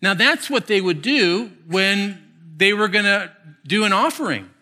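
A man preaching a sermon, swinging between hushed, slow phrases and quick, emphatic bursts. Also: sits high, animated. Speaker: pastor.

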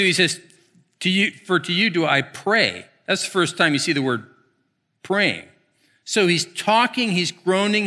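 A male pastor delivers a sermon in a bright, slightly high voice. He moves between soft, drawn-out phrases and quick, emphatic bursts. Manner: expressive, swings from hushed to emphatic.

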